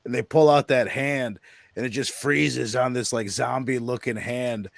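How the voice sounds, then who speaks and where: A man's voice: mid-range voice, fairly even intonation, measured pace, creaky, dry recording. A man chatting casually about a movie, easygoing and agreeable. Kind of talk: casual movie review chat.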